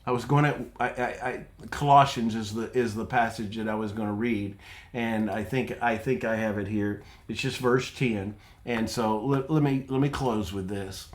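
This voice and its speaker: A man's voice: lowish voice, fairly even intonation, normal speed. A man preaching an earnest online sermon to viewers, who repeats his points and asks rhetorical questions.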